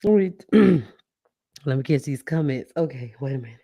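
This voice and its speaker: A woman's voice: low-pitched, animated, moderate pace, gravelly, mellow, husky, no room sound. A woman hosting a live podcast, talking casually and animatedly to her listeners, often laughing and calling them y'all. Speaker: podcast host. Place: live stream reading comments.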